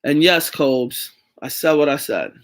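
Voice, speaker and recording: A man's voice: on the high side, animated, measured pace, fairly bright tone. A man hosting a casual sports talk show, rambling loosely and swearing freely. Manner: loose and profane, rambling with restarts. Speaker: podcast host.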